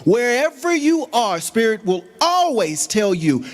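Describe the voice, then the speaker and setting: A man's voice: very high-pitched, sing-song, slow, hardly any pauses. A middle-aged man giving an inspirational sermon as a guest speaker, telling his story dramatically and acting out the voices in it.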